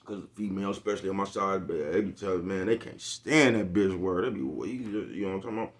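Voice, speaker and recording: A young vlogger rambles through a casual monologue in a low-pitched voice, talking fast. He laughs often, swears heavily, uses crude slang, and keeps asking "you know what I'm talking about".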